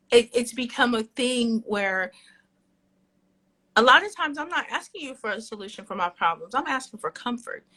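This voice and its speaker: A woman's voice: on the high side, a bit bright. A woman co-hosting a podcast, speaking earnestly and reflectively while she walks, often restarting words. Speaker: podcast co-host. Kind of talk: candid casual podcast talk. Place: walking while on a call.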